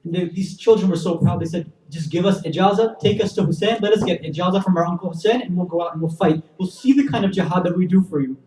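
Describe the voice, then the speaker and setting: A man's voice: high-pitched, quick pace, few pauses, distant mic. Impassioned man preaching in an echoey hall. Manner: builds from hushed to impassioned, addresses audience directly. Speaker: speaker at a religious gathering. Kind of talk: emotional Muharram sermon storytelling. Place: community center hall.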